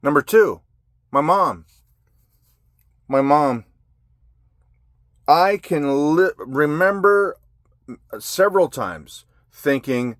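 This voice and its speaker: A man's voice: on the high side, expressive, very slow, pauses often, a bit bright, no room sound, clean studio sound. A man telling his life story in a raw, blunt monologue, swearing constantly. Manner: heavy profanity, blunt and agitated.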